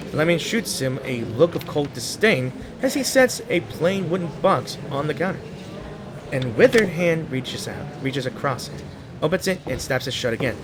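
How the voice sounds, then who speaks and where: A man's voice: on the high side, lively intonation, normal speed, background noise. Casual gamer man reading a story aloud. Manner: casual, stumbling over words and correcting himself. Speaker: gaming YouTuber. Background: game music.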